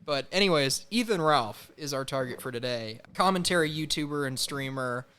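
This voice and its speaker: A man's voice: mid-range voice, expressive, moderate pace, bright, forceful tone, faint music behind. A young man co-hosting a comedic podcast, casual and sarcastic, laughing often. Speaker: podcast co-host.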